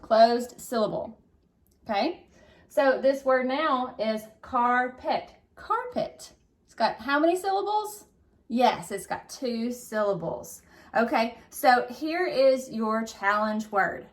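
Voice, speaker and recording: Encouraging teacher woman, slow and echoey. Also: a little high, lively intonation. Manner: encouraging, upbeat, drawn-out syllables. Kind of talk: recorded phonics lesson for young children. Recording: echoey room, distant mic.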